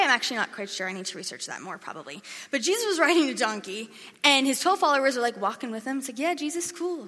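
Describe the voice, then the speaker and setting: A woman's voice: on the high side, bright, forceful tone. A young woman giving a casual, chatty sermon, acting out crowd voices as she tells the story. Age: young adult. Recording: echoey hall reverb.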